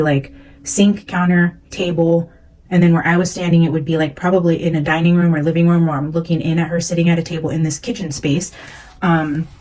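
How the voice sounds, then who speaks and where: A woman's voice: on the low side, a little mellow, a little hiss or hum, poor audio. A young woman, a psychic medium, talking casually and earnestly as she reads from her notes, rambling with many fillers.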